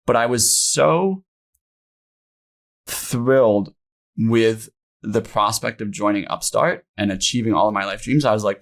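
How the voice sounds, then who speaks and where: A young man with a lowish voice tells his founder story in a podcast interview. He speaks candidly and loosely, with plenty of "like" and "um". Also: unhurried, long pauses. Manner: informal, many fillers like "like" and "um", emotional retelling. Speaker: founder guest.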